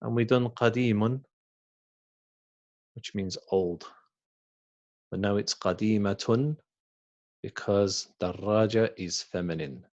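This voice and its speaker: A man teaching a beginners' Arabic class, slowly and patiently, saying each word again and then translating it. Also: on the low side, darkish tone, lo-fi sound. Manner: slow and patient, repeats words and translates them. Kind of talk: recorded language lesson.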